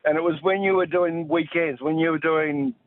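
Man, radio caller, slightly high voice, halting, thin phone line. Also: steady tone.

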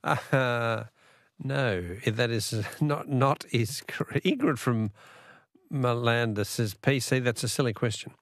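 A man's voice: medium pitch, takes it slowly, no echo, studio quality. A middle-aged Australian man hosting a radio talkback quiz in a chatty, chuckling way. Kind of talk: casual radio chat. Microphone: studio microphone.

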